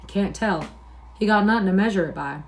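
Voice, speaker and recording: A woman's voice: medium pitch, natural voice. A woman reading aloud and voicing a lonely, scornful older male stable hand with a drawling, persuasive manner. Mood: brooding, persuasive. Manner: drawling, persuasive, slow musing.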